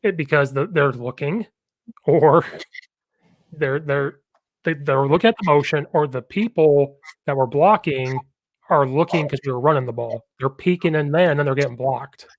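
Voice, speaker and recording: A man's voice: fairly high pitch, normal speed, no echo. A man hosting a podcast and chatting casually about coaching football, telling rambling stories with a lot of enthusiasm.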